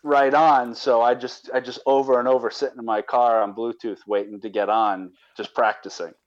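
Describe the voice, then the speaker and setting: Brief: male podcast guest, mid pitch, rambling, muffled lo-fi sound. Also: flat delivery, moderate pace. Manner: rambling, restarts a lot. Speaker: caller and guest. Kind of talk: casual podcast interview.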